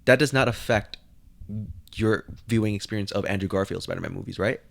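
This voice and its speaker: A man's voice: on the low side, brisk, gravelly. A young man co-hosting a podcast in casual chat, rambling with lots of slang and laughter. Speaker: podcast co-host.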